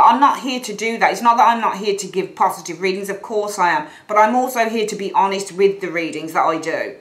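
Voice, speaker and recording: A woman's voice: medium pitch, fast, hardly any pauses, a bit bright, reverberant, low-quality recording. A woman giving a tarot reading, blunt and frank, swearing casually and repeating herself. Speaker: tarot reader. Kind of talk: monthly tarot reading, ranting aside.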